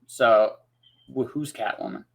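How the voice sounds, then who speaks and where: A man's voice: lowish voice, unhurried, vocal fry. A man hosting a casual interview podcast, talking in loose rambling runs with many restarts and "right?" tags. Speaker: podcast host.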